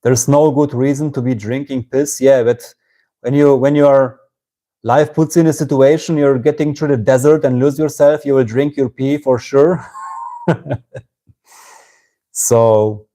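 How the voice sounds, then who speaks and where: German-accented male satsang teacher, mellow tone, reflective with tag-question "yeah?"s. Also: medium pitch, fairly even intonation, unhurried, long pauses. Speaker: spiritual teacher. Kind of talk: live-streamed satsang talk.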